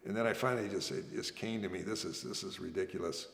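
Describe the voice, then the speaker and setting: A man telling his own story as a veteran, earnest and halting, often restarting his sentences. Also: low-pitched, vocal fry, fairly bright tone. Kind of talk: oral history storytelling. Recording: echoey room with long reverb.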